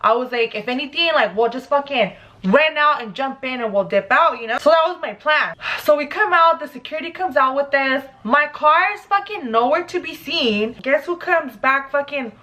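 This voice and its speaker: A young woman vlogger telling a story casually while doing her makeup, animated and profane, with constant "like" fillers. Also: high-pitched, normal speed. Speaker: beauty vlogger.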